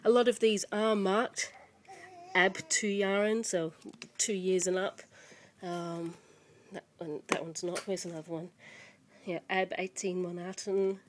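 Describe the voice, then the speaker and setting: Speaking at a measured pace in a fairly low, fairly even voice, a native English-speaking woman shows off children's books at home to a camera mic. Her show-and-tell is chatty and meandering, with frequent fillers and restarts, and slight background noise.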